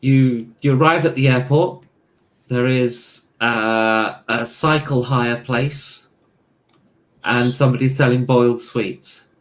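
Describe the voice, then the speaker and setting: Slow, halting man running the game. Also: mid-range voice, fairly even intonation. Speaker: game master. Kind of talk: narrating a tabletop game.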